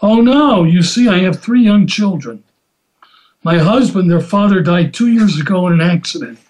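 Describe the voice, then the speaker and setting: A grieving widowed cleaning woman, a young mother, read out by a man with a high voice. The words come soft and measured, like a storybook quotation. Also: lively intonation. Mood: sorrowful.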